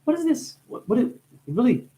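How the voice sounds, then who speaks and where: A man who is high, talking in a rambling, profane monologue. His voice swings from low mumbling to sudden high exclamations. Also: very animated, moderate pace, warm tone. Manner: profane, playful. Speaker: spiritual video maker.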